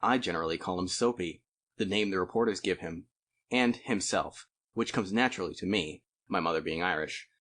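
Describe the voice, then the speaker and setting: A man's voice: low voice, fairly quick, a bit bright. A man reading an audiobook in a conversational first-person narration. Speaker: audiobook reader.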